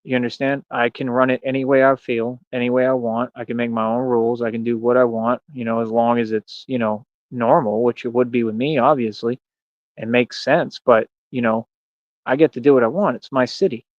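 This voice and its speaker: A man's voice: mid-range voice, fairly even intonation, brisk, no room sound. A man hosting a livestream, rambling boastfully and taunting his chat in slangy, casual talk. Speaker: livestream host. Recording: dull, lo-fi dry mic.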